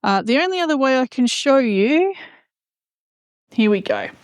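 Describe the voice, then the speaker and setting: Smooth-voiced woman explaining crochet steps. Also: high-pitched, big pitch swings, moderate pace, dry recording, clean studio sound. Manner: chatty, explains each step with fillers. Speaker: crochet vlogger. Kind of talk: casual how-to narration.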